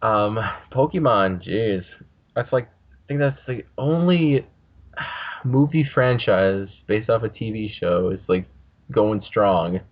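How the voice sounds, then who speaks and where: Male podcast host, casual rambling chat, cursing, low voice, dull lo-fi recording. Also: expressive, takes it slowly. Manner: rambling, swears freely. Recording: muffled lo-fi audio.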